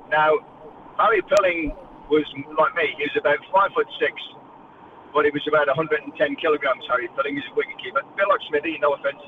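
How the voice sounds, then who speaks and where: A man's voice: on the high side, far from the mic, background noise. A man calling in from his car, telling a jovial anecdote over a tinny phone line. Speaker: caller. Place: car on the road.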